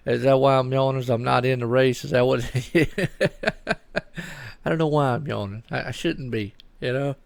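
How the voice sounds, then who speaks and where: Gravelly, chatty male race commentator. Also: mid-range voice, fairly even intonation, moderate pace, no echo. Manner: chatty and rambling, repeats words; folksy, upbeat. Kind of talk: live sim-racing commentary.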